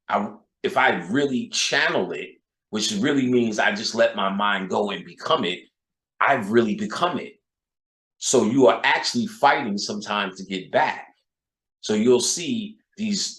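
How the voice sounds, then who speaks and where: A channel host with a New York accent delivers a profane, rambling monologue thick with street slang. His voice is lowish but fairly bright, and the low-quality recording sounds roomy.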